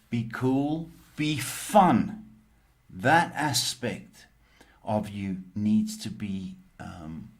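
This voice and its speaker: A man hosting a live-stream psychic Q&A, answering viewers in a halting way with many pauses and ums. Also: fairly low pitch, a bit bright. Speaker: psychic reader and host.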